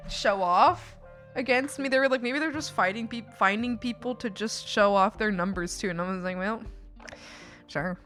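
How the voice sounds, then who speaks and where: A woman's voice: mid-range voice, sharp tone. A young woman streaming and chatting casually with viewers, rambling, restarting sentences and giggling often. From Canada. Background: faint background music.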